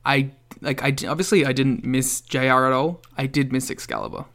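A man's voice: medium pitch, brisk, vocal fry, a bit bright. A man co-hosting a podcast in casual chat, making dry, wry remarks. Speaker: podcast co-host.

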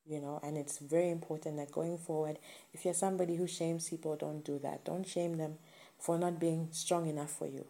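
A woman's voice: deep voice, gravelly, dark tone. A woman giving an earnest, emphatic motivational talk to camera, repeating her key points.

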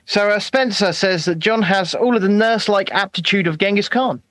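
A man with a high voice co-hosts a casual streamed chat from home. He sounds exasperated, swears, and restates his points, and the recording is close and dry. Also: a little fast, fairly bright tone, dry recording. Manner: exasperated, sweary, repeats himself. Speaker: co-host of a live-streamed chat show.

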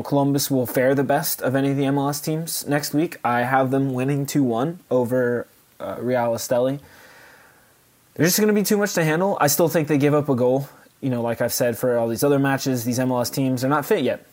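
A man co-hosting a sports podcast, relaxed and quick to laugh, working through his predictions with plenty of fillers. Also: mid-range voice. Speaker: podcast co-host. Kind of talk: casual sports podcast chat.

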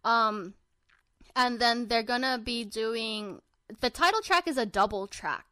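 A young woman co-hosting a pop-culture podcast in excitable, gushing casual chat, laughing often. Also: on the high side, measured pace, clean tone, no echo, clean studio sound. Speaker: podcast co-host.

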